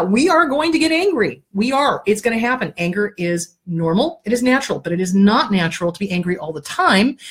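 A middle-aged woman, a therapist hosting a talk show, giving blunt, animated advice with lots of swearing. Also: on the low side. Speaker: therapist host.

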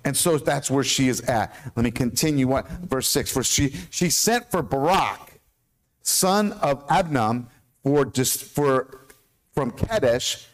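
Lively American pastor preaching. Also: male voice, mid-range voice, slow pace. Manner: animated, asks the congregation questions, stumbles over hard names. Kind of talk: sermon.

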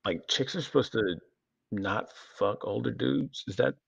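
A man's voice: on the low side, measured pace, vocal fry, breathy edge, dry recording. A man co-hosting a casual podcast chat, rambling and joking crudely, with frequent restarts. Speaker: podcast co-host.

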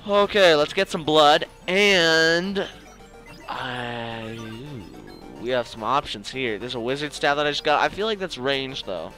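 A young man chatting casually through a video game run, joking and talking straight to the enemies. His fairly high voice leaps up and down in pitch. Faint music plays behind him. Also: moderate pace, hardly any pauses. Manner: excitable, jokey, talks to the game and enemies. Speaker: gaming channel host. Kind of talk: casual gameplay commentary.

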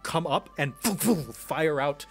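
A man's voice: on the high side, animated, very slow, faint music behind. Laid-back man narrating as game master.

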